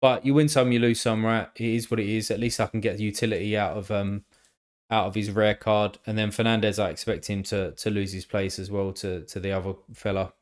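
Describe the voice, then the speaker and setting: A man's voice: lowish voice, little pitch movement, a little fast. A man chatting casually on a live stream, rambling and thinking aloud with lots of fillers and the odd swear word.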